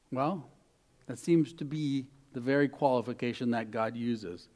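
A man preaching a sermon as a pastor, mostly soft and intimate, with lively bursts. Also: medium pitch.

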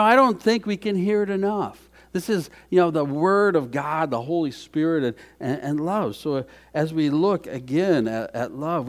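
A middle-aged man preaching a conversational sermon as pastor, folksy and chatty, with frequent restarts. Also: fairly high pitch.

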